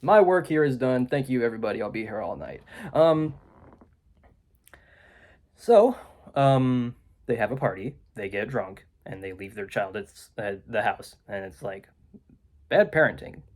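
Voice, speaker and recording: A man's voice: medium pitch, lively intonation, a little slow, pauses often, darkish tone. A man giving a rambling, sarcastic movie review indoors, full of ums and asides. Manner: sarcastic, filler-heavy with many ums. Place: indoors, room with a window.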